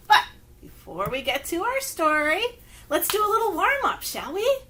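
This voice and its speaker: A woman's voice: extremely high pitch, sing-song, moderate pace, pushed and bright. A woman, a children's librarian leading story time from home, talking to young children in a sing-song way. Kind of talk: children's story time with rhymes and finger plays.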